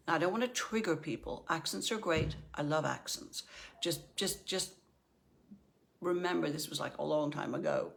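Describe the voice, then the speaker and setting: Woman, middle-aged, life coach, chatty motivational talk, gravelly edges. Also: deep voice, moderate pace. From Northern Ireland. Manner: chatty, often asks "right?".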